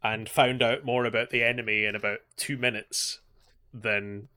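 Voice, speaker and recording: Guy with a bright sharp voice, sarcastic, laughs a lot, casual podcast recap. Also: medium pitch, little pitch movement, normal speed, smooth. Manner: joking, sarcastic, laughs often. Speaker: podcast co-host. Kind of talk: casual chat recapping an anime.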